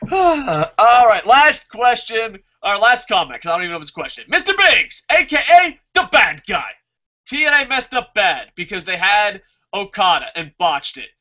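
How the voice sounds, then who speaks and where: High-voiced man ranting, profane. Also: pushed and bright. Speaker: wrestling review host. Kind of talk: casual review chat reading viewer comments. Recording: muffled lo-fi recording.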